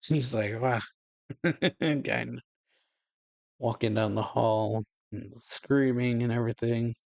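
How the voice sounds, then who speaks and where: Gravelly-voiced man casually reading aloud. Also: medium pitch, steady tone, slow pace, a little mellow, dry recording. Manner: reads dialogue in a plain voice, chuckles often. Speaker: reaction channel host.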